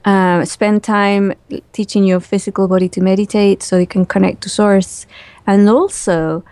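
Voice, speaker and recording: A woman guest in a relaxed, chatty interview who laughs easily and uses lots of fillers. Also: medium pitch, normal speed, no echo. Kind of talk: casual spoken interview.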